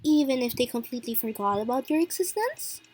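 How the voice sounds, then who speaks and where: A woman voicing a mysterious, mocking male host in a story game, asking questions in a smooth, taunting way. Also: high-pitched, very animated, fairly quick, a little mellow, exaggerated voice, low-quality recording. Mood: cold.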